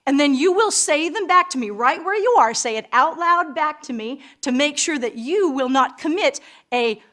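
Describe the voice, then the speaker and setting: A woman's voice: high-pitched, lively intonation, normal speed, fairly bright tone. A woman teaching an English class with theatrical enthusiasm and playful asides. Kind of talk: recorded classroom lesson.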